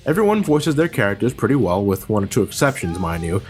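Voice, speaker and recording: Profane, animated male game reviewer. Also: fairly low pitch, fast talker, faint music behind. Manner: profane, exasperated ranting with sudden shouts. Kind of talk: comedic scripted review voice-over.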